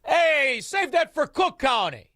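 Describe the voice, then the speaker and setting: A man's voice: very high voice, sing-song, slow pace, sharp tone, slight background noise. A man hosting a radio talk show, ranting in a combative, sarcastic way.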